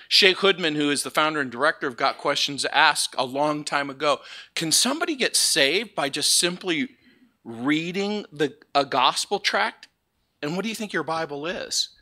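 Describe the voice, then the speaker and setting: A man from Southern California preaching a sermon in a church, joking and telling stories in a lively way before turning to scripture. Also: a little high. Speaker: pastor. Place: church sanctuary.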